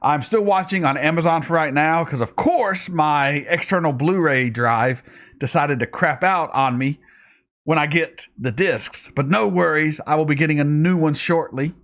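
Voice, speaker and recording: Fast-rambling tired reaction host, a man. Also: on the high side. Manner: fast, rambling, excitable talk. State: tired from night shift. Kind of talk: casual episode recap.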